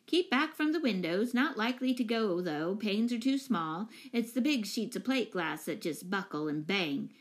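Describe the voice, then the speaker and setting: A woman reading aloud, voicing a hearty older male professor who gives gruff, clipped instructions during a storm. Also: mid-range voice, animated, moderate pace, hardly any pauses, close to an everyday voice. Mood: brisk.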